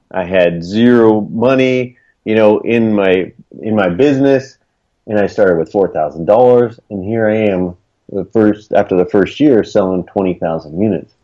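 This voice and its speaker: A man with a lowish voice tells his story in a loose, earnest ramble, leaning on fillers as he goes. The recording sounds dull and lo-fi. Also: a little mellow. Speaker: guest, small business owner. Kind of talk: casual storytelling.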